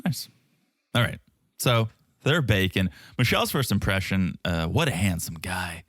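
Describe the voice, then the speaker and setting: A man's voice: sits low, big pitch swings, a little slow, a bit bright, dry recording, studio quality. A man from Connecticut co-hosting a podcast, recapping in a wry, joking way. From Connecticut, United States. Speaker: podcast co-host. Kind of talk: casual chat.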